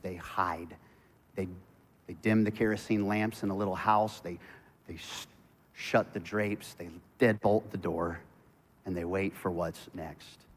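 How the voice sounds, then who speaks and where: A man preaching a sermon as pastor, telling stories with animated swings between loud excitement and hushed intensity. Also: sits low, slightly rough. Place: church sanctuary. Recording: church hall reverb.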